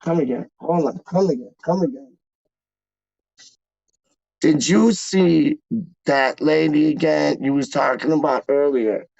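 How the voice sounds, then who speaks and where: A man's voice: fairly high pitch, normal speed, vocal fry, hardly any pauses, a little mellow, dry recording. A man hosting a casual livestream, reading chat comments with slangy, laid-back banter and repeated phrases. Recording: dry, dull lo-fi mic.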